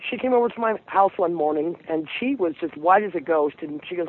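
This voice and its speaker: A woman's voice: on the low side, expressive. Earnest woman caller over a phone line. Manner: earnest, halting with fillers. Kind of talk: call-in storytelling. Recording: phone line with faint hiss.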